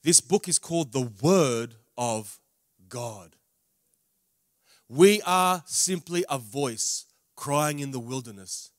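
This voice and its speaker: A man giving a spoken testimony sermon, with humorous asides and big swings in loudness on emphatic words. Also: medium pitch, lively intonation, takes it slowly, dry recording, studio quality. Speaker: preacher. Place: large camp meeting venue.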